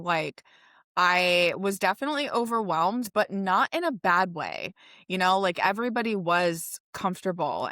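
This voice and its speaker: A woman's voice: fairly low pitch, fairly bright tone, no echo, clean studio sound. A woman hosting a casual conversation, chatty and laughing often as she tells stories. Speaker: podcast host.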